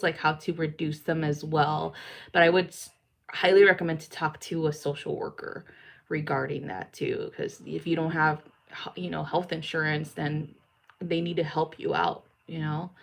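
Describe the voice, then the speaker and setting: A woman's voice: low voice, gravelly, a bit bright. A woman psychic reader chatting casually to viewers in a rambling way, with lots of fillers and swearing.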